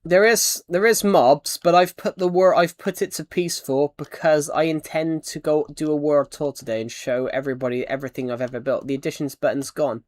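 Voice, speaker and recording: A man's voice: fairly high pitch, fairly even intonation, a little fast, hardly any pauses, darkish tone. A man with an English accent chatting casually on a gaming live stream, often repeating and restarting his phrases while he answers chat.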